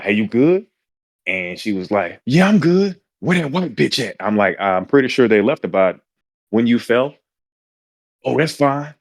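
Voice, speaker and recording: A man's voice: medium pitch, dry recording. Guy on a podcast telling a crazy bar story, voice jumps all over, dry close mic. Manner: animated, profane, acts out quotes in voices. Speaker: podcast co-host. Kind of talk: casual storytelling.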